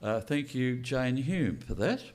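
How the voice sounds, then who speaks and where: A man's voice: mid-range voice, animated, a little slow, a little mellow. An older man giving a blunt, unscripted speech to an audience and asking rhetorical questions. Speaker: speaker at a political launch event.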